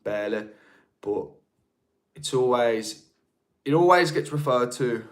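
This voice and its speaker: Answering viewers' comments on a live stream, this English man with a Birmingham accent chats in a rambling way, frequently starting over. His mid-range voice has lively intonation, and he talks unhurriedly with long pauses.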